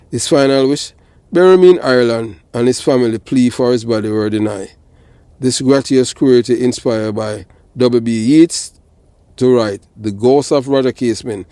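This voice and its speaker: A man's voice: medium pitch, mellow, dry recording. A man with a Jamaican accent, hosting a casual commentary on history that mixes patois chat with reading passages aloud. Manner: slips into patois and often asks "you understand?".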